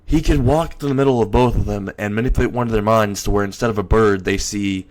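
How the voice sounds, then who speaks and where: Young man telling a story, halting delivery. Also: on the low side, a little mellow. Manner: loose, halting delivery with restarts and "and" pauses. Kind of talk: casual improvised story narration.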